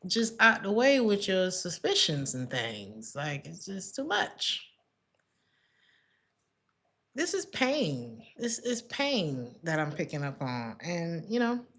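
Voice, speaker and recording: Woman tarot reader, blunt and chatty, easy laughter, middle pitch. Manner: blunt and chatty, laughing often, calls listeners baby and honey. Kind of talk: casual tarot reading to camera.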